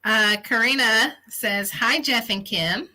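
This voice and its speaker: A woman co-hosts a casual livestream, reading viewers' messages aloud in a relaxed, amused way. Her voice is bright and clear. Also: fairly high pitch, slow, poor audio. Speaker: co-host reading out viewer comments.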